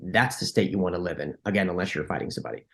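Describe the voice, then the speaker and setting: A man being interviewed on a podcast, explaining in a lively, conversational way, acting out inner dialogue and often restarting his sentences. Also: low voice, very fast. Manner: frequent restarts and filler likes. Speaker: podcast guest.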